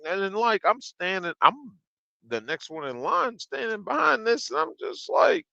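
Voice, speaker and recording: Brief: blunt, profane male streamer spinning a story, bright and animated. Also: high-pitched, moderate pace, gravelly, no room sound, dull audio. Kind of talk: casual storytelling.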